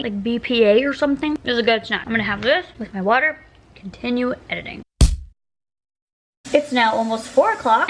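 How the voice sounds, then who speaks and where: A woman's voice: on the high side, background noise. A woman food vlogger chatting casually in a home kitchen, bubbly and giggly as she cooks and tastes.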